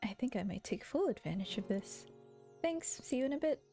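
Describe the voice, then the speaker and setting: A woman's voice: a little high, animated, brisk, dark tone, faint music behind. A young woman streamer chatting casually and giggling while she voices a visual novel. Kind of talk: casual stream chat and voice-through.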